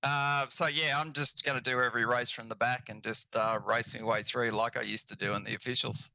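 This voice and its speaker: A racing driver with an Australian accent, talking in a laid-back, offhand way after a race. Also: male voice, mid-range voice, steady tone, a little fast, vocal fry, bright, forceful tone, no room sound, poor audio. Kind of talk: relaxed post-race interview.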